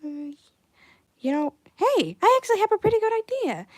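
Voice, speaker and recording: A young woman chatting casually on a livestream while she animates, reading chat messages aloud and breaking into excited outbursts. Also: very high voice, moderate pace, no room sound.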